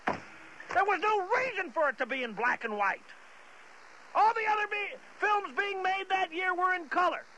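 A man's voice: very high voice, lively intonation, normal speed, sharp tone, a little hiss or hum, voice pushed up, full character voice, poor audio. A man voicing an unhinged, boastful male movie star who rambles, stammers and keeps restarting his sentences. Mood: indignant. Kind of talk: comedy sketch impression.

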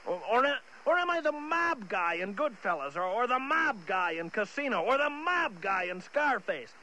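A man's voice: very high-pitched, sing-song, moderate pace, bright, forceful tone, slight background noise, exaggerated voice, rough recording. A man voicing an unhinged, boastful male movie star who rambles, stammers and keeps restarting his sentences. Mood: frustrated. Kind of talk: comedy sketch impression.

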